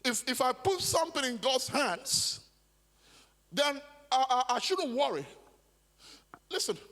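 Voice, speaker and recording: A man's voice: very high-pitched, sharp tone. A man preaching a sermon as pastor, with emphatic repetition and stammered restarts. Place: large church hall. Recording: long church hall reverb.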